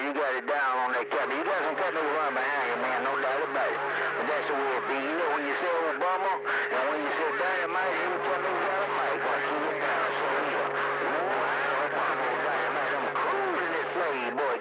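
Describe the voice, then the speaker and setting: A man's voice: medium pitch, lively intonation, brisk. An older man chatting playfully over a CB radio, with a sing-song way of trailing off his lines. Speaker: CB radio operator. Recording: lo-fi radio with loud static.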